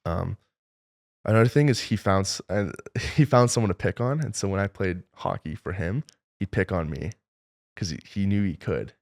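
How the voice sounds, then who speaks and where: Young male director guest, low gravelly voice, loose rambling talk full of filler words. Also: normal speed, darkish tone. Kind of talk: casual interview storytelling.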